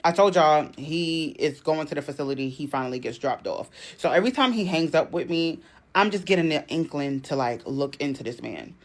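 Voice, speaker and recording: A woman telling a personal story casually and dramatically, jumping into high outbursts when she quotes herself.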